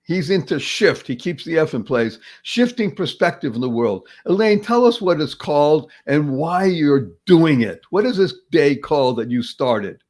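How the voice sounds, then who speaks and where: A man's voice: a little high, lively intonation, normal speed, few pauses, a little mellow. A man hosting a motivational podcast, talking with enthusiasm and acting out little everyday scenes. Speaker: podcast host. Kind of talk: upbeat motivational podcast talk.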